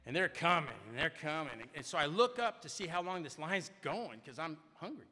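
A man speaking at a recovery meeting, telling a personal story in an animated way and often tagging his sentences with "right?". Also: a little high, fairly quick. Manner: animated, keeps asking "right?". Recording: echoey hall reverb.

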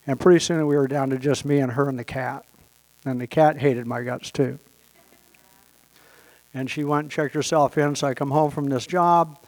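A man's voice: medium pitch, steady tone, moderate pace, long pauses, a little mellow. A man telling a long personal story with wry humor, briefly quoting other people as he goes. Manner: wry, anecdotal, quotes people in brief voices. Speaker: speaker sharing his story at a recovery meeting.

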